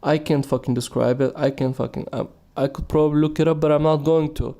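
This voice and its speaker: A man's voice: a little high, fairly even intonation, brisk, warm tone. A young man hosting a solo podcast, rambling casually with lots of swearing, restarts and laughing at himself. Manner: profane, meandering, laughs at himself. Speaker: podcast host.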